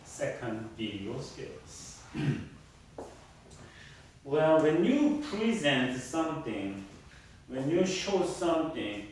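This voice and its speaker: Slow, emphatic male lecturer in echo. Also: medium pitch, sing-song, darkish tone, slight background noise. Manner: emphatic, repeats points, checks in with the class. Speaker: university lecturer. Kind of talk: classroom lecture. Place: lecture room. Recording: very echoey room, mic far off.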